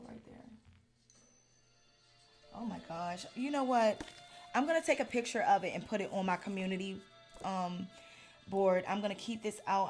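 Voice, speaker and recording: A woman talks through a tarot reading straight to the camera, earnest and pressing her points hard. Her voice sits at a middle pitch. Faint music plays underneath. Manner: earnest, gets heated and emphatic. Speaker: tarot reader.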